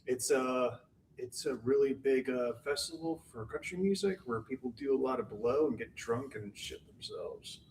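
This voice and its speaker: Southern California guy, hesitant deadpan delivery, distant from the mic. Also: medium pitch. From Chula Vista, California. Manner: halting, hesitant, crude deadpan humour. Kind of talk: casual chat.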